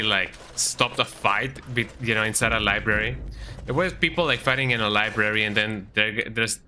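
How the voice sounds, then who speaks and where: A man with a fairly low, pushed, bright voice chats casually while streaming a game, rambling through his gameplay commentary and frequently ending lines with "eh." There's a little hiss or hum in the audio.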